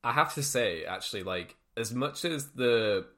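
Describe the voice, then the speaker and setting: A man's voice: medium pitch, expressive, moderate pace, sharp tone. A young man in his twenties, a podcast co-host, talking casually and enthusiastically about a film with many fillers and restarts. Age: 20s.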